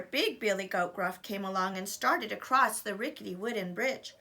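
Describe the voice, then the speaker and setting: A woman teacher reading a storybook aloud to children in an expressive, animated way. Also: mid-range voice, normal speed, few pauses.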